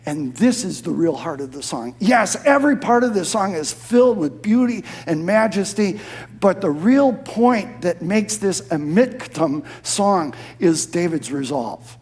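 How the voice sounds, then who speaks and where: A man preaching a sermon in a church, impassioned, dropping to a hush and then rising to shouted emphasis. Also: sits high, lively intonation, a little slow, breathy edge. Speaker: pastor.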